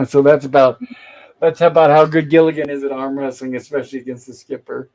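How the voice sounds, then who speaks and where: A man hosts a casual review show, recapping old sitcom episodes by reading scenes aloud and quoting the characters in his own voice. His medium-pitched, darkish voice stays level and moves fairly quickly, and the recording quality is low.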